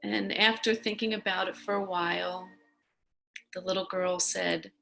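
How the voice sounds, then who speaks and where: A woman leading a guided meditation talk at a gym, speaking in a soft, earnest way. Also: mid-range voice, fairly even intonation, measured pace, gravelly.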